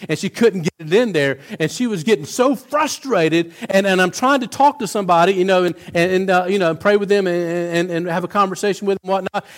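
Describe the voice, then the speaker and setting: High-voiced man preaching a sermon. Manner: earnest preaching with many restarts and repeated words. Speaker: pastor.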